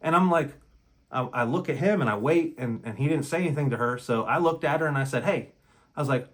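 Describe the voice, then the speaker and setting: A man's voice: medium pitch, brisk. A man hosting a relationship talk channel, speaking in a blunt, heated casual monologue and acting out quotes as he tells his story.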